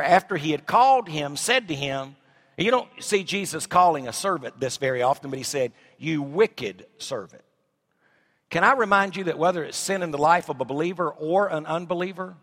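Reading scripture from the pulpit, a pastor with a high, fairly bright voice puts emphatic rhetorical questions to his congregation. The church sermon carries a long hall reverb.

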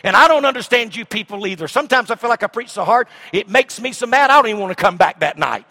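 Middle-aged man, pastor mid-sermon, bright ringing tone, big dynamic swings. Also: high voice, expressive, fast, creaky. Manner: swings from shouting to hushed asides.

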